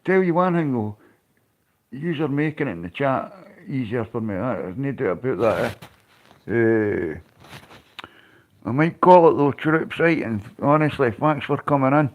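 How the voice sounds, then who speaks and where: A Scottish man rambles casually to his live viewers in a mid-pitched voice, tossing in swearing and laughs. The audio is dull and lo-fi, like a stream captured without much care. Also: lively intonation, unhurried. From Scotland. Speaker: livestream host.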